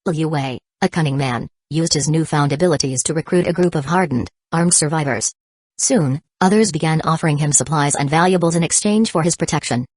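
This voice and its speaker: A woman narrating an audiobook in a steady, even reading voice. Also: low voice, brisk, husky, dry recording. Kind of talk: scripted narration.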